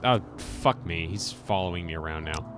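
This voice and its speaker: A man's voice: low-pitched, normal speed, background noise. A man casually commenting while playing a game, muttering wry remarks and reading quest text aloud. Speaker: game streamer. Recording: game music behind.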